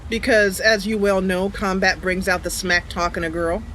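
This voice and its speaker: A woman's voice: mid-range voice, steady tone, moderate pace, fairly bright tone, soft background music, rough recording. A woman hosting her channel, chatting casually and playfully over gameplay, giggling often. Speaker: channel host, gamer.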